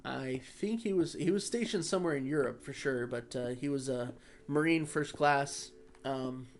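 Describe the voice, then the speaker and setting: A man chatting casually over his gameplay, rambling and easygoing with many pauses. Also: mid-range voice. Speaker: gaming vlogger.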